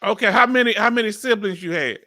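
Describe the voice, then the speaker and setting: A livestream host with a bright, high-pitched voice and a Southern US accent runs a relaxed chat from home. He speaks quickly and loosely, reading viewer comments aloud between questions to his guest.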